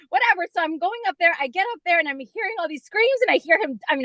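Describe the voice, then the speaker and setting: A high-pitched woman recounts a memory in an interview, rambling excitedly and packing her sentences with fillers. The sound is close and dry, with no room around her. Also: racing, hardly any pauses, no room sound. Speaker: guest fan. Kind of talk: animated storytelling interview.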